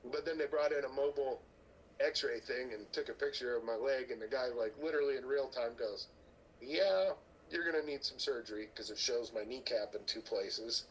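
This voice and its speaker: Strongman guy telling stories on a podcast, does all the voices, cusses a lot, average pitch. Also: fairly quick, slight background noise, poor audio. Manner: animated storyteller who acts out other people's lines; swears casually, laughs at his own stories. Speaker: podcast guest, strongman athlete. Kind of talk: casual storytelling chat.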